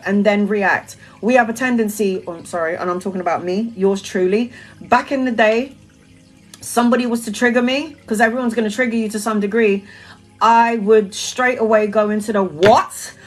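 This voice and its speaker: Woman, spiritual creator, casual monologue; animated, salty, laughs a lot, pitch a bit high. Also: rough recording. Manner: animated, swearing, laughing often.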